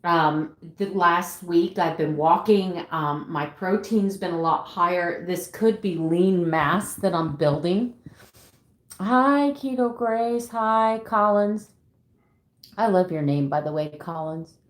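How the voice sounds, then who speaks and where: Speaking slowly in a fairly low voice from an echoey room, a middle-aged woman vlogs live. She's sincere and openly emotional, reading viewers' messages aloud with many sighs and fillers and warmly welcoming them.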